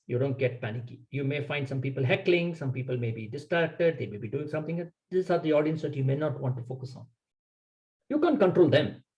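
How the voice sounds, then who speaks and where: A man's voice: a little high, a little mellow, rough recording. A man giving a public speaking workshop lecture, emphatic and coaching, in short instructive sentences.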